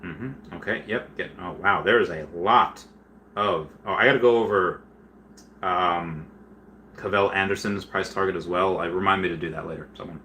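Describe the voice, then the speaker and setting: A man hosting a casual livestream, rambling with lots of fillers and getting loud and worked up when annoyed. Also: sits low, moderate pace, slight background noise. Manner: excitable, rambling with many fillers, gets loud when upset. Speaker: host.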